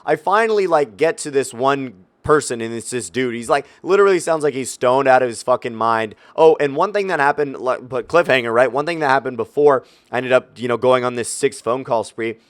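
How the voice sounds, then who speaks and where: A man's voice: mid-range voice, brisk, hardly any pauses, no echo. A young man telling a story in a casual, profane, exasperated rant, talking directly to his viewers. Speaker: YouTube gaming creator.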